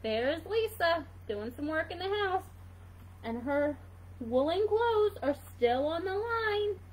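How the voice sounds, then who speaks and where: A woman reading a storybook aloud for children, high and bright. She takes her time and swings her pitch widely, pausing to wonder about the pictures. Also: a little hiss or hum, poor audio. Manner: animated, asks questions about the pictures. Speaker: reader for children.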